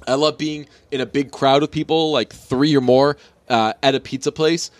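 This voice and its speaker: A man's voice: fairly high pitch, fairly even intonation, moderate pace, dry recording. A man hosting a comedy podcast who recaps a sitcom in a rambling way and acts out the characters as he goes. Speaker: podcast host.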